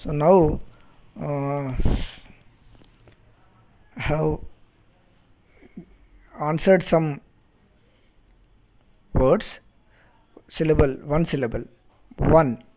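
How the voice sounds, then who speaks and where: A man with an Indian English accent teaching a phonetics lesson, speaking slowly and deliberately and repeating words to model their pronunciation. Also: fairly high pitch, fairly even intonation, mellow. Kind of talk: recorded phonetics lecture. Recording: dull lo-fi recording.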